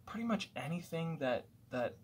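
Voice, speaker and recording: A man's voice: on the high side, very animated, normal speed, a little mellow. A man talking through his thoughts in a casual, reflective monologue at home, rambling and restarting as he goes. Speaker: vlogger.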